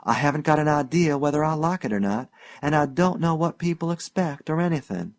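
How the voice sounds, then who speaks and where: A man voicing a playful, wistful young Southern woman in an audiobook reading, in a raised soft girlish pitch. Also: animated, brisk.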